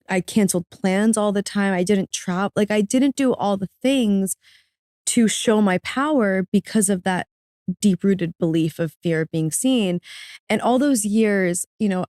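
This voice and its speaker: A woman's voice: a little mellow, no echo, studio quality. Earnest woman telling a personal story. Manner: earnest and reflective, voice rising high when moved to tears. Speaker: guest, author.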